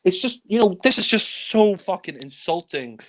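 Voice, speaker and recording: A man reviewing films in a casual chat, exasperated and swearing freely, sometimes mimicking characters with shouts. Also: high-pitched, expressive, normal speed. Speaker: film reviewer. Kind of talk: casual film discussion.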